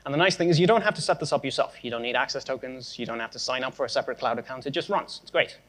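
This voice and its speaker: A man's voice: mid-range voice, very fast, a bit bright. A young man giving a conference tech talk, casual and sarcastic with joking asides. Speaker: conference speaker.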